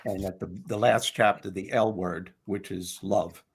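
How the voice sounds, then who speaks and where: Guest author, male, low husky voice, lively storyteller. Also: unhurried. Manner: animated storyteller, casual. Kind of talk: interview conversation.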